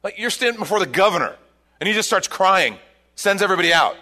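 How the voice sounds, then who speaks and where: A man preaching a sermon, retelling a scripture story and leaping up in pitch at its dramatic turns. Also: quick pace. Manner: animated storytelling, voice rising sharply at dramatic points. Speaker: pastor.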